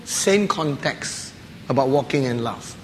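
A man preaching a sermon, telling a lively story with laughs and playful barking sounds. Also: mid-range voice, a little slow, slight background noise. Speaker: pastor. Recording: long hall reverb with faint ambience.

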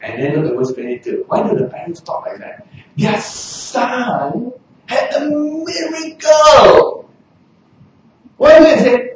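A man preaching a sermon in a lively way, often rising to a shout for emphasis. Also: extremely high pitch, slow, slight background noise. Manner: animated, bursts into shouting for emphasis. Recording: very echoey hall, mic far off.

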